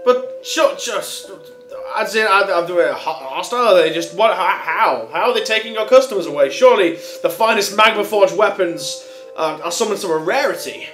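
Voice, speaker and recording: A man plays a tabletop game in a high voice, playful and theatrical in his lines. The room sounds roomy. Faint music sits under him. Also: lively intonation, moderate pace, a bit bright. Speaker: player.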